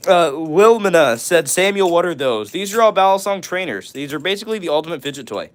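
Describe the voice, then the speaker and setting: A man with a fairly high voice hosts a casual live stream, reading out viewer messages and replying on the fly. He is excitable and jokey, and he often laughs. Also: fairly quick, few pauses.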